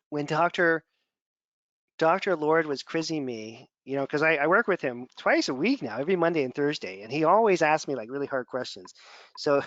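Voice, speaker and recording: Male instructor, mid-pitch, chatty digressive lecture, dry and muffled audio. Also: dry recording. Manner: conversational, digressive, repeats words while thinking. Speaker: functional medicine instructor. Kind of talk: casual lecture over slides. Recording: dull, dry lo-fi sound.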